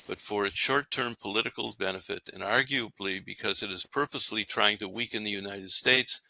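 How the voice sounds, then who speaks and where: Male host, scripted commentary, emphatic; low voice, bone-dry close sound. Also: fairly quick, gravelly, pushed and bright, no room sound, poor audio. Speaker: podcast host. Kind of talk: read-aloud scripted commentary.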